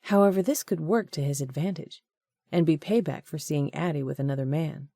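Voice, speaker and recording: A woman narrating a romance audiobook in a measured, even storytelling manner. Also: low-pitched, creaky, dry recording, clean studio sound. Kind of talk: scripted narration.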